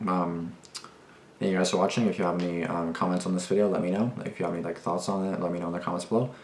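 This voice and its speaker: Racing along in a deep, level voice, a young man reacts on video, rambling agitatedly with lots of cursing and restarts. The room sounds echoey, with a little hiss or hum.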